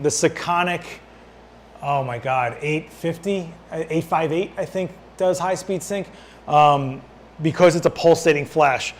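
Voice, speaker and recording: A man hosting a casual live-stream Q&A as a photographer, answering viewer questions while he adjusts his lights, his voice worn and going hoarse. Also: a little high. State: losing his voice.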